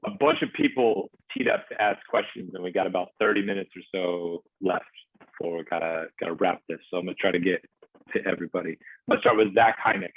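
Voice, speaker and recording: Low gravelly male host on a tinny line. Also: big pitch swings, quick pace, no room sound. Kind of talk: live show hosting. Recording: tinny phone-like line, a bit distant.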